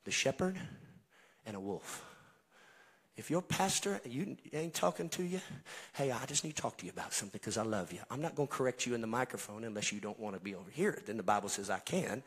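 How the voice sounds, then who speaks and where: A man's voice: mid-range voice, lively intonation, brisk, a bit bright, husky. A male pastor, preaching in a church in a folksy way and calling out to his congregation. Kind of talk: Pentecostal-style preaching to a congregation. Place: church sanctuary.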